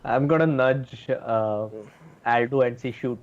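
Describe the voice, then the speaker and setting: A man's voice: medium pitch, normal speed. Indian man, brief, lo-fi mic. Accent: Indian English. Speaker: player. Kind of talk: casual tabletop play. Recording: dull lo-fi mic.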